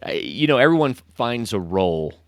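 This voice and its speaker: A man's voice: mid-range voice, sing-song, fairly quick, vocal fry, no echo, studio quality. A man hosting an adventure podcast, asking open questions and giving short affirmations. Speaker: podcast host. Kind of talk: interview questions.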